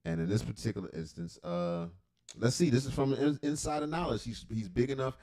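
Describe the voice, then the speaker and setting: A man rambles through a casual livestream reaction, cursing and joking as he goes. His pitch swings widely from low mutters to sudden high jumps, while his voice sits at an ordinary middle height. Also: lively intonation, brisk, vocal fry, darkish tone. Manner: rambling, profane, joking asides.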